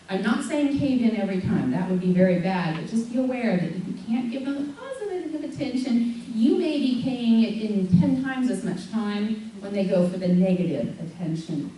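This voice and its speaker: A middle-aged woman tells parenting stories to a live audience, slipping into playful voices with sudden leaps up and down. Her slightly high voice comes from well back from the mic, and a hall with strong echo carries every word. A faint hum sits under the room. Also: far from the mic. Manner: animated storyteller, acts out voices of her daughter with big pitch jumps and laughs. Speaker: speaker at a parenting group.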